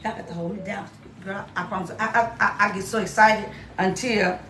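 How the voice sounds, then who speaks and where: A woman's voice: medium pitch, steady tone, fairly quick, a bit bright, slight background noise. A woman pastor preaching an exuberant sermon, laughing often and repeating her phrases over and over. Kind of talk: lively sermon. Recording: echoey room, off mic.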